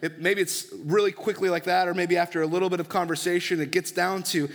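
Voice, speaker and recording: Thirties male pastor, casual storytelling sermon, slightly high voice. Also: steady tone, quick pace, fairly bright tone. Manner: conversational storytelling, asks the audience for agreement. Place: church. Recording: long reverb of a church hall.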